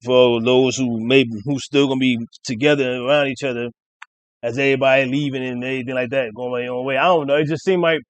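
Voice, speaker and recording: A man, rambling casually through a rap battle recap and reciting lines excitedly. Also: fast, dry recording. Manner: rambling, excited, quotes bars with rising pitch.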